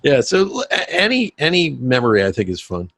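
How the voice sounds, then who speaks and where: A man hosting a podcast interview, agreeable and relaxed, sharing his own anecdotes in casual chat. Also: mid-range voice, a little fast, creaky, no echo. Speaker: podcast host.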